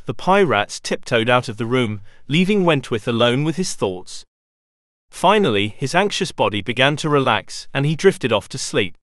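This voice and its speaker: Expressive male storybook narrator. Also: medium pitch, no room sound, clean studio sound. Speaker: audiobook narrator.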